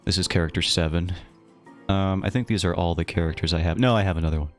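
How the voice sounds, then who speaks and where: A man's voice: sits low, fast, faint music behind. A man streaming live, chatting casually and playfully with his viewers in a rambling, self-mocking way. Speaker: livestreamer.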